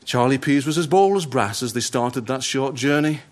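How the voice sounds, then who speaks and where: A man preaching a sermon, stressing key words slowly with dramatic pauses. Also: medium pitch.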